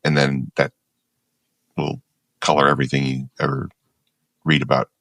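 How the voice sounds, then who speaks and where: A man's voice: very deep voice, level tone, normal speed, creaky, fairly bright tone, dry recording. A man co-hosting a podcast in casual chat, musing with hesitant fillers. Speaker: podcast co-host.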